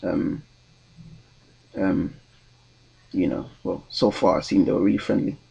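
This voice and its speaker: A man's voice: deep voice, steady tone, a little slow, vocal fry, mellow, husky, muffled recording. A young man, telling a story in a casual vlog with a rambling, hesitant delivery full of ums and restarts. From London, England. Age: 20s. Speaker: vlogger.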